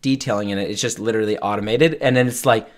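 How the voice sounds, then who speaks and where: A man's voice: fairly low pitch, quick pace. A man co-hosting a casual podcast, rambling through anecdotes and acting out the lines of people he met. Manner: rambling, acts out quoted exchanges. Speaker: podcast co-host. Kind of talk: casual chat.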